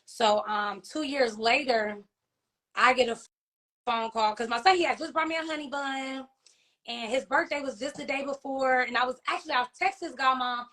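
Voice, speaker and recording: A woman with a slightly high voice gives emotional personal testimony in an interview. She speaks in a halting, heartfelt way, restarting her sentences and often checking that the listener follows her. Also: steady tone, bright, forceful tone. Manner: halting, heartfelt, many fillers and restarts, often asks "you know what I mean?". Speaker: interview guest, grieving mother and author.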